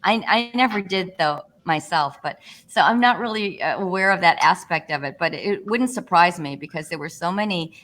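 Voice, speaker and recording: A woman's voice: lowish voice, normal speed, few pauses. A middle-aged actress, a guest, telling stories casually in an interview, laughing often and restarting her sentences. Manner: animated, laughing storyteller, many restarts.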